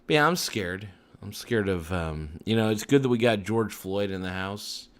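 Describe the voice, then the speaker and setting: A man's voice: lowish voice, animated, normal speed, clean tone. A man chatting casually and jokingly on a livestream while eating, breaking into sing-song chants of silly rhymes. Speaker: streamer.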